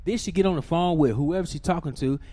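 A man telling a profane, ranting story, swinging from shouting to low muttering. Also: fast talker.

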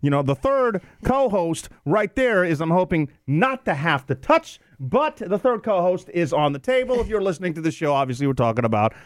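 A man's voice: sits high, sing-song, dry recording. A man co-hosting a comedy podcast, joking and teasing in casual banter. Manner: joking, teasing, drawn-out playful delivery. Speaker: podcast co-host.

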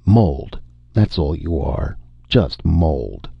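A man's voice: a bass voice, animated, drawn-out words, creaky, breathy edge, dry recording, full character voice. A man voicing a haunted, drunken former spaceman who mutters in self-loathing. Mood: bitter. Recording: dull lo-fi audio.

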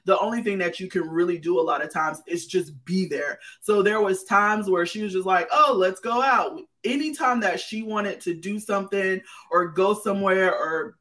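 A woman's voice: mid-range voice, moderate pace, few pauses, a bit bright. A woman chatting as a guest in an earnest, plain-spoken way, her voice sounding a little distant from the microphone. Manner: earnest, plain-spoken, calls herself not talkative. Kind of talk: casual chat.

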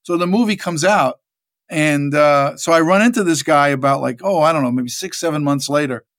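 His voice leans high and his pace is moderate as this actor, a guest in an easygoing interview, spins rambling anecdotes. He's animated throughout, mimicking the people he quotes.

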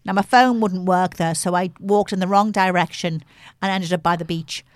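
A woman's voice: fairly low pitch, steady tone, moderate pace, no echo. A woman in her sixties with a Liverpool accent, chatting casually and rambling through a story. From England. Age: 60s. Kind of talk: casual chat.

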